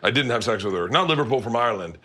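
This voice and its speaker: A man hosting a casual chat, telling loose, rowdy stories with lots of laughter while high. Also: expressive, very fast, pushed and bright. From United States. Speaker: podcast host.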